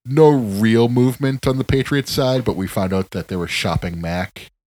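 A man co-hosting a podcast in casual chat, rambling and profane, ranting with animated emphasis. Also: mid-range voice, normal speed. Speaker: podcast co-host.

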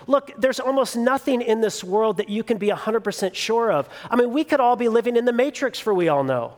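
A man's voice: very high-pitched, expressive, a little fast, hardly any pauses. A man in his thirties preaching a sermon, telling a personal story in a conversational way with fillers and restarts. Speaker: pastor. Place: church sanctuary. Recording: long hall reverb.

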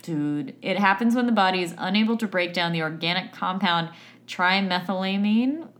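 A young woman co-hosting a casual podcast, chatting and reading out strange facts in an animated way. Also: on the low side, moderate pace. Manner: animated, reads facts aloud, jumps into voices. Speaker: podcast co-host. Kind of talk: casual chat.

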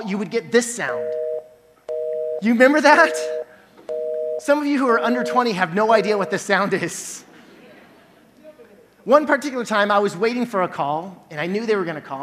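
A man in his forties preaching a sermon, telling a family story with lively acted-out scenes. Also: high voice. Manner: animated storyteller, acts out scenes loudly. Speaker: pastor. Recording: long hall reverb.

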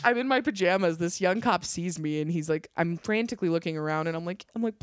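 A young woman comedian chatting casually on a podcast, telling animated stories, swearing freely and acting out what people said. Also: on the low side, quick pace, few pauses, no room sound, clean studio sound. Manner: animated storytelling, swears freely, acts out quotes. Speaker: stand-up comedian, guest.

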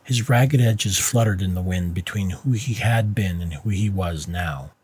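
A man narrating a story in a calm, measured reading style. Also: sits low, slightly rough. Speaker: audiobook narrator. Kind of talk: scripted narration.

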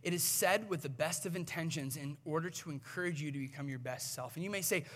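A man preaching a sermon as a pastor, telling a story and acting out the voices in it before rising to a forceful close. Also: fairly high pitch, fast talker. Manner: storytelling preacher, acts out quoted voices, builds to a forceful climax. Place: church hall. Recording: long hall reverb.

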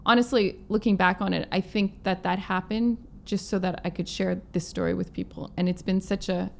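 Female guest musician from Manitoba, animated storyteller, slight fry. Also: fairly low pitch, fairly quick, a little hiss or hum. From Manitoba, Canada. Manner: animated storyteller, acts out quotes in her own voice. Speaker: guest musician, violinist and singer. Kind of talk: storytelling in a casual interview.

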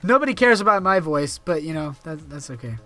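A man's voice: on the high side, expressive, fairly quick, sharp tone, faint music behind. A young man co-hosting a podcast in casual chat, teasing and laughing often. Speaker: podcast co-host.

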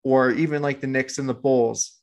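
A man's voice: medium pitch, steady tone, normal speed. A laid-back man co-hosting a podcast in casual, rambling sports chat. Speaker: podcast co-host.

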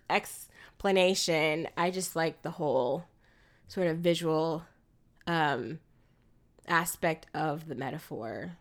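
A young woman talking through a movie in a casual podcast chat. She rambles with lots of fillers and restarts and laughs often. Her voice sits a little low. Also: fairly bright tone. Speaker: podcast co-host. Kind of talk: casual film discussion.

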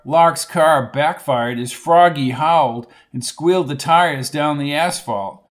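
A man's voice: a little high, slow pace. Man narrating his own audiobook.

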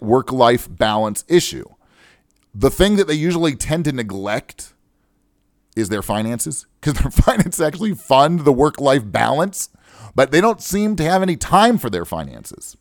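A middle-aged man hosts a radio talk show into a studio microphone, wound up and digressive, cracking jokes at himself. His pitch leaps and swoops, and the sound is dry and close with no room around it. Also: no room sound. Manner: animated, digressive, joking, self-described wound up. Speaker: radio show host, financial adviser. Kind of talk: casual solo radio talk.

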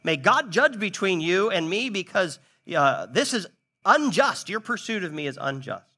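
A man's voice: sits high, very animated, normal speed, bright, forceful tone, voice pushed up, full character voice. A man voicing a young future king who calls out and pleads his innocence earnestly. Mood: earnest pleading.

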